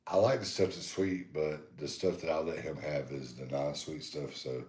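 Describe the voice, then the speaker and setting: Southern man from florida, podcast co-host, laid-back, dry humor, very deep voice, echoey room. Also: steady tone, moderate pace, darkish tone. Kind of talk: casual chat.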